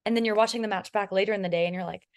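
A woman's voice: medium pitch, very fast. A young woman guesting on a podcast, chatting casually and telling stories animatedly, quoting others in mimicking voices. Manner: animated storytelling, imitates others, laughs. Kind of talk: casual chat.

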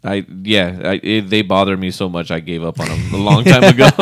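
Laid-back man for casual car talk, deep-ish clean voice, dry close recording. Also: lively intonation, moderate pace, no room sound. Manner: laid-back, laughs often, swears casually. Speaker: co-host. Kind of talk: casual chat.

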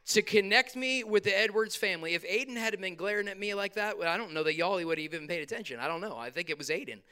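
A male pastor, preaching a sermon in a church hall with animated bursts and quick asides. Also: high voice, smooth.

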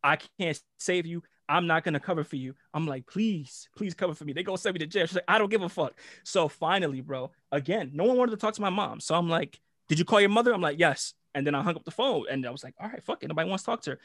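Young man, New York accent, casual storyteller, profane and animated, dry close mic. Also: fairly high pitch, fast, few pauses, no echo. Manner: animated, profane, slangy, acts out voices. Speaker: guest storyteller.

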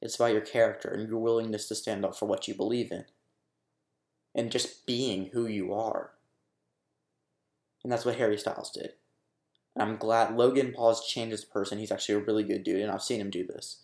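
A man's voice: fairly low pitch, steady tone, fairly quick, pauses often, darkish tone, roomy sound. A young man delivering a casual commentary rant, exasperated and sarcastic, swearing freely. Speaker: commentary YouTuber.

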